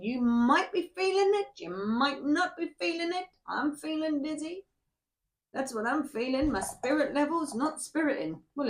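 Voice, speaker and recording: A woman talks her viewers through a tarot spread in a loose, rambling way, her voice sitting a little high. She keeps checking in with "yeah?" and "okay?" as she goes. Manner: chatty and rambling, often asking "yeah?". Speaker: tarot reader. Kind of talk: casual spoken tarot reading to camera.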